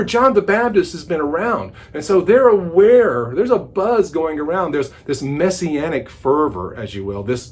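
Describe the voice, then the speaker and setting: A man teaching a daily devotional Bible study, retelling the story with animated, dramatic storytelling. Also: medium pitch.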